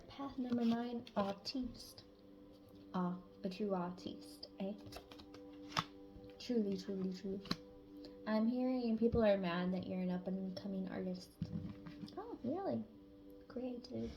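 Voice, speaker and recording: A woman tarot reader giving a channeled spiritual reading in a blunt, casual way, swearing freely and sometimes dropping to a hush. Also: mid-range voice.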